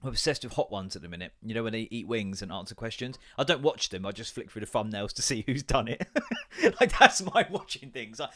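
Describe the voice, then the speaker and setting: English male podcaster, 30s, middle pitch, rambling, sweary, quick to do voices. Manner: rambling, swearing, animated storytelling with put-on quoted voices. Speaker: podcast host. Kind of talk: casual solo chat.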